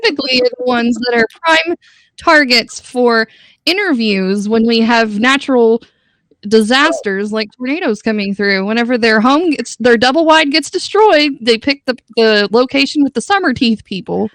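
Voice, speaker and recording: Wry woman guest, fairly high voice. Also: lively intonation, moderate pace, fairly bright tone, no room sound, low-quality recording. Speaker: chat guest. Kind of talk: casual banter.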